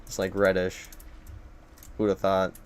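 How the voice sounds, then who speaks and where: A man's voice: low voice, completely flat delivery, a little slow, slight background noise. A young man live-streaming a game at his computer, rambling and joking at his own expense. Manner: rambling, joking and self-deprecating. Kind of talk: casual gameplay live-stream commentary.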